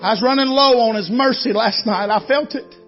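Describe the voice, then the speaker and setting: A man's voice: very high-pitched, fairly quick, muffled recording, faint music behind. A man, preaching a sermon in a folksy storytelling way and calling out to the congregation. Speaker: guest preacher. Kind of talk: Southern revival sermon.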